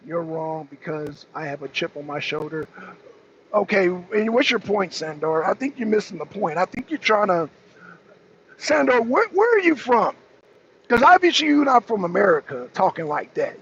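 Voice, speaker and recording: A man's voice: high voice, fairly bright tone. A man co-hosting a political talk show, arguing heatedly, repeating himself and mocking the people he is answering. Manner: argumentative, repetitive, mocking. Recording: dull lo-fi stream audio with faint noise.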